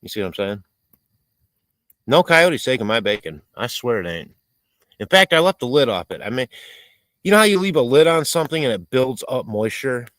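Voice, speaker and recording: Casual live-stream host, a rambling, cursing man, lively pitch, dry close sound. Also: moderate pace, pauses often, no echo, poor audio. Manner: rambling, swearing, reading chat aloud. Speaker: livestream host. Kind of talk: casual live-stream chat while cooking outdoors. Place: outdoors in a rural area.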